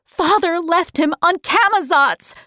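Woman reader as a young girl in a storybook: raised, urgent pitch, slow and pleading. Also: no echo, clean studio sound.

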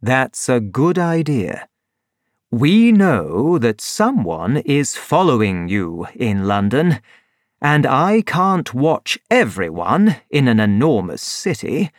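A man voicing a calm, shrewd middle-aged detective in a storybook reading, low and measured. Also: no echo, clean studio sound. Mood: probing.

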